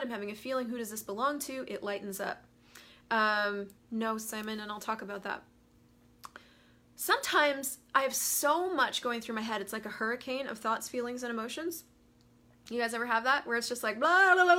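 Casting: bright-voiced woman host, animated live coaching, pitched a bit high. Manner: animated, laughs often, greets viewers mid-sentence. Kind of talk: casual live-stream coaching talk.

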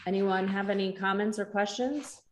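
A woman's voice: mid-range voice, steady tone, normal speed, reverberant, background noise. A woman co-teaching a parenting class, chatty and acting out children's lines. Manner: chatty, acts out kids' lines.

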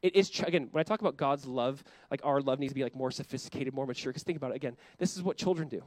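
A young adult man preaching a sermon as pastor, impassioned and often voicing God in quick quoted asides. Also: medium pitch, dry recording.

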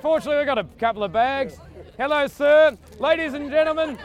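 High-voiced Australian man doing grandiose tour-guide patter. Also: a little fast. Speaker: comedian leading a mock street tour. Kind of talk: improvised street comedy. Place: busy city street outdoors.

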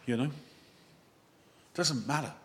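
A man, a vicar, giving a lively sermon that wanders into chatty, self-mocking asides. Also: mid-range voice, takes it slowly, a little hiss or hum. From England. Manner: animated, chatty preaching with digressions and self-deprecating asides.

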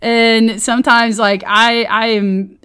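A woman's voice: fairly high pitch, level tone, takes it slowly, fairly bright tone, smooth. Woman, podcast host, devotional teaching, chatty, rambling, restarts mid-sentence. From Oklahoma, United States. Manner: chatty, rambling, self-interrupting.

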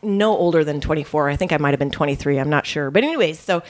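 A woman comedian spins a story at a rapid clip, her voice sitting a little low. She jumps high and loud whenever she plays the people in her anecdote, keeping the podcast chat animated and loose. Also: a crowd in the background. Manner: animated, acts out quoted voices with big pitch jumps. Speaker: comedian guest.

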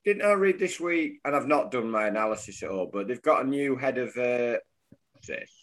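A man, co-hosting a podcast in casual chat, quick to tease his partner. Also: medium pitch, expressive, fairly bright tone. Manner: teasing, banter-loving. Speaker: podcast co-host.

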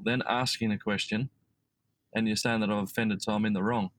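An Australian man tells his story in a loose, chatty way, full of ums and restarts. His voice sits a little low. He sounds like a guest on a relaxed podcast. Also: low-quality recording. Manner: rambling, with many fillers and restarts. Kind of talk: casual storytelling.

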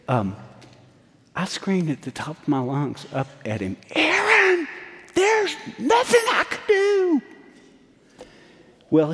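A man in his sixties, a pastor preaching a sermon, telling a story in a folksy, animated way with frequent restarts. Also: medium pitch. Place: church sanctuary. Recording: long hall reverb.

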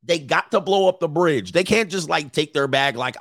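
A man hosting a live commentary, reading messages aloud and reacting to an audience in the room with blunt, profane, animated asides. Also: fairly high pitch, fast talker, few pauses, no echo, clean studio sound. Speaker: commentary host.

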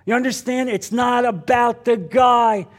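A man's voice: very high voice, steady tone, unhurried. A man preaching a sermon in an emphatic way, repeating lines and putting questions to his listeners. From New Jersey.

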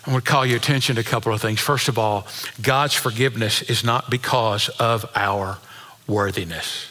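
Man, pastor, sermon, emphatic preaching, bright voice, long church reverb. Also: on the low side, steady tone, normal speed. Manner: preaching with swelling emphasis, reading scripture aloud.

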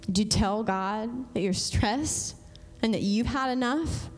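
A woman pastor preaching a sermon, conversational and emphatic, speeding up and slowing down. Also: medium pitch, a little mellow. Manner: conversational, emphatic, swings between fast and slow. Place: church sanctuary. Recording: long church hall reverb.

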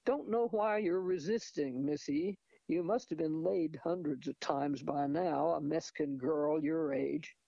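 Gruff frontier thug, dark and menacing, dull lo-fi recording, man reading. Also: on the high side, measured pace, few pauses, no room sound.

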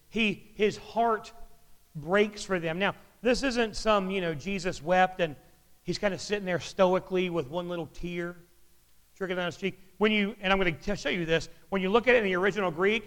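A man preaching a sermon in a chatty, joking way, his pitch jumping up when he gets animated, in an echoey church hall. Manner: conversational and joking, with lively pitch jumps. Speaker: pastor.

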